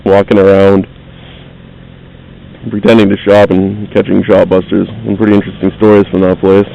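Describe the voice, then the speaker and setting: A man's voice: deep voice, completely flat delivery, moderate pace, creaky, muffled recording, a little hiss or hum. A man telling a casual, rambling, profane story while driving his car. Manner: rambling, profane, self-deprecating. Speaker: vlogger.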